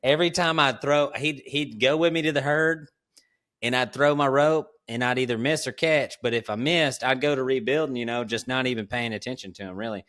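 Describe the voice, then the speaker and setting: A man, hosting a podcast and telling ranch stories in a relaxed, drawling way, laughing often. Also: medium pitch, brisk. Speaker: podcast host. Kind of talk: casual storytelling chat.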